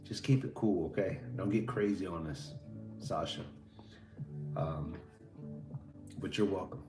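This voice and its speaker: A livestream host speaks to viewers a little slowly in a low voice, keeping the chat laid-back, wandering, and profane. There's a roomy echo and some faint music in the background.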